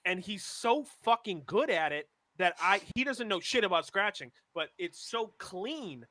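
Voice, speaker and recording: A man's voice: high-pitched, a little slow, no echo. A man from Roxbury, Massachusetts, talking casually as a podcast guest, rambling with lots of fillers. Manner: rambling, filler-heavy, excited. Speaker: guest rapper.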